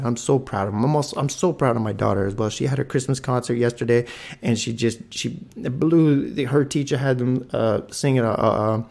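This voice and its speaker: A man in his thirties hosting a solo podcast, telling a rambling story with excitement and swearing freely. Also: mid-range voice, vocal fry. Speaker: podcast host.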